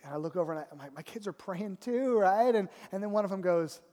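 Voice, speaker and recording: A man telling a self-mocking story in a sermon, animated and quick to check in with his listeners. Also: high voice. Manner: animated, self-mocking, keeps adding "right?". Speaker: pastor. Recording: reverberant hall.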